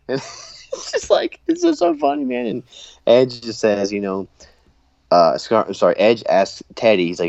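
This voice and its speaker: A man's voice: low voice, wildly swooping pitch, unhurried, gravelly, darkish tone, no echo. A man casually recapping wrestling episodes, laughing often and acting out quoted lines. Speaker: podcast host. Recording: dull, dry lo-fi sound.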